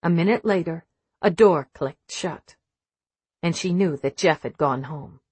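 A woman narrates a novel as an audiobook, reading scripted text in a measured, even storytelling style. Her voice sits on the low side with a slight roughness, and the recording is dry.

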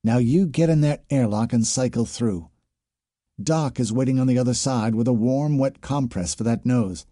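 A man voicing a steady spaceship crewmate who talks in a brisk, reassuring way. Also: mid-range voice, no echo, clean studio sound, close to an everyday voice.

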